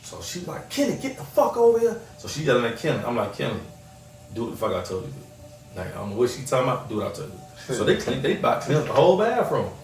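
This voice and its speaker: Male podcast host, an animated storyteller, recorded off-mic in an echoey room. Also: medium pitch, fast, slight background noise. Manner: animated storyteller, acts out quoted voices. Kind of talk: casual storytelling. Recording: roomy echo, mic at a distance.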